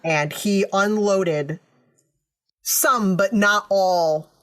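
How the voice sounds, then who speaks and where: Podcast host, female, mid-pitched, conversational true-crime storyteller. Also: very slow. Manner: storytelling, reads quotes aloud, frequent "right?". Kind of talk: casual true-crime chat.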